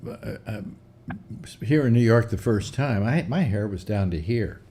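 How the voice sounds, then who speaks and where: Older man, host, casual chat, animated storyteller, lively swings in pitch. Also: unhurried, husky.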